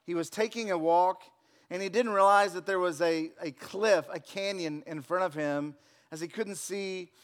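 A man's voice: sits high, normal speed. A man pastor preaching a sermon in a church, telling stories and acting out the voices in them. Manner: storytelling, acts out voices in anecdotes. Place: church sanctuary.

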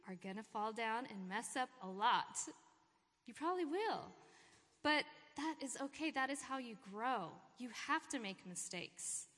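A woman giving an informal, encouraging sermon talk at a church gathering. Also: sits high. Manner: encouraging, warm pep talk with laughter. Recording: long hall reverb.

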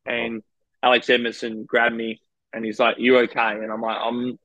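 A man's voice: mid-range voice, completely flat delivery, normal speed, pushed and bright, no echo, lo-fi sound. An Australian man, a professional cyclist, frankly recounting race stories in a rambling, casual interview. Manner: rambling, frank anecdotes with quoted dialogue.

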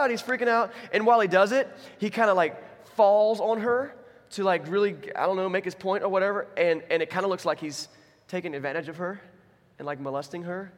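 A man preaching a sermon, retelling a story with lively asides and acting out its characters. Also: high voice, in a large hall. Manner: animated, acts out characters in quick asides. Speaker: pastor.

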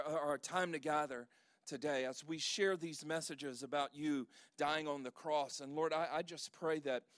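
A male pastor delivers an earnest sermon, reading scripture with emphatic stresses and slowing into prayer. His voice sits a little high for a man. The sound is dry and close, with little room echo. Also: a bit bright.

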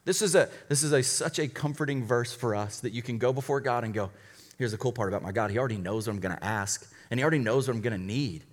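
A man who is a college pastor, preaching a conversational sermon with quick asides and light humor. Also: medium pitch, in a large hall.

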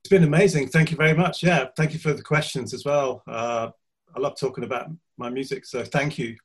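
A man's voice: mid-range voice, fairly even intonation, fairly quick, slightly rough. A man from the United Kingdom, a musician guest, chatting easily over a video call and laughing often. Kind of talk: casual interview chat.

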